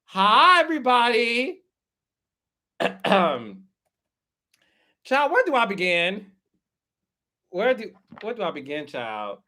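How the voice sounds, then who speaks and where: Bright-voiced chatty man hosting a livestream. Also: sits high, big pitch swings, takes it slowly, long pauses. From Texas. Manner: chatty, greets viewers by name. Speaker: host. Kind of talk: casual livestream chat.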